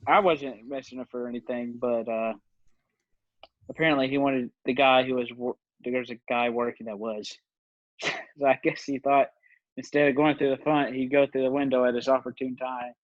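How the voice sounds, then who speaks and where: A man's voice: mid-range voice, fairly even intonation, moderate pace, dry recording. A man in his twenties, a podcast guest, telling stories in a rambling, casual way, laughing often and using lots of fillers. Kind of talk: casual storytelling chat. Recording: dull, dry lo-fi recording.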